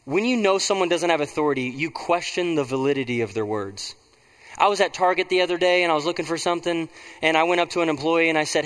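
A man's voice: a little high, fast, a bit bright, long reverb tail. A man preaching a conversational sermon as pastor, prompting the congregation to respond.

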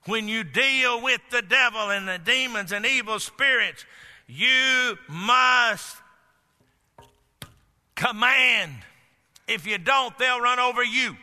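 Slowly and with long pauses, a male pastor preaches a sermon in a high, very bright, sharp-edged voice, alternating plain storytelling with forceful declarations. The long reverb points to a large church sanctuary.

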